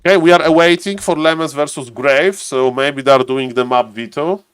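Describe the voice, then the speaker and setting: A man's voice: a little high, moderate pace, smooth, dry recording. A man chatting casually on a live stream, greeting viewers by name and thinking aloud as he waits for a match. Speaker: streamer and caster.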